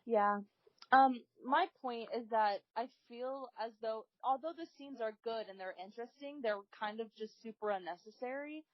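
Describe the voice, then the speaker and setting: A woman's voice: a little high, normal speed, no room sound. A woman co-hosting a podcast, chatting casually and stating her opinions emphatically. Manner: opinionated and emphatic, with frequent laughs. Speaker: podcast co-host. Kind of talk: casual chat. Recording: dry, dull lo-fi recording.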